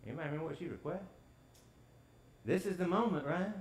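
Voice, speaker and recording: A male preacher telling a story in a sermon, lively and quizzing the congregation as he goes. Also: on the high side, fast. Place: church sanctuary. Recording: echoey church sanctuary.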